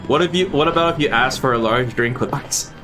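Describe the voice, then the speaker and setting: A man's voice: mid-range voice, fairly quick, pushed and bright, soft background music. A man streaming a game, chatting casually and rambling to his viewers and swearing freely. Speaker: gaming streamer. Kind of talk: casual chat while playing a game.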